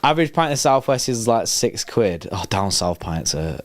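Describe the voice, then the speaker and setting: A man's voice: lowish voice, very animated, normal speed. A man co-hosting a live football watchalong, chatting laid-back and laughing easily. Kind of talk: casual banter on a livestream.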